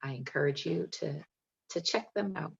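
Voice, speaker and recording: A woman's voice: deep voice, normal speed, vocal fry, breathy edge, dull audio. A woman poet reading her poems with emphatic, playful delivery and chatting between them over a video call. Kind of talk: poetry reading and chat.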